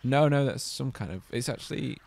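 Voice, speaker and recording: A man's voice: medium pitch, brisk, creaky, a little mellow. A man co-hosting a horror let's play, playing the game and chatting in a jokey way with frequent laughs. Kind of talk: casual gaming banter.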